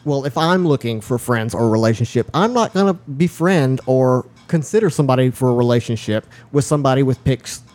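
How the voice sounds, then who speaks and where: A man's voice: mid-range voice, animated, a little fast, hardly any pauses, a little mellow. A man co-hosting a podcast in casual chat, rambling and restarting his sentences, often mimicking voices as he tells stories. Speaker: podcast co-host.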